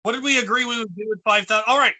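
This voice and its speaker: A man's voice: very high voice, racing, pushed and bright. A man co-hosting a charity livestream, chatting playfully and hamming it up. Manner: playful, hams up a mock Russian voice. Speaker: charity stream co-host. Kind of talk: joking livestream chat.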